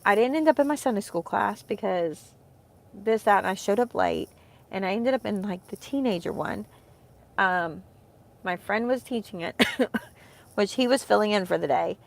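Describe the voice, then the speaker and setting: Gravelly-voiced woman in rambling heartfelt chat. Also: medium pitch, animated, normal speed. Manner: rambling, heartfelt, with many fillers. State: emotional, close to tears. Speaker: vlogger, homeschooling mom. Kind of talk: casual chat to camera.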